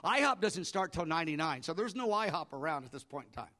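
A middle-aged male pastor telling a personal story in a sermon, acting out his own prayers and often dropping to a hushed voice. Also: a little high, very animated, quick pace.

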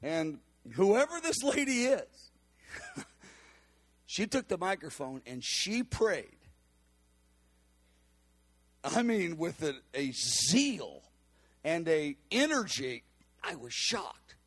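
A man preaches a storytelling sermon, telling it animatedly and acting out the voices of the people involved. His voice is a little high, his pace slow, and he pauses often.

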